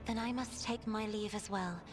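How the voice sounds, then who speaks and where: A woman's voice: medium pitch, lightly acted. An actress voicing a refined, polite young noblewoman in a video game, formal and courteous. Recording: game audio with music underneath.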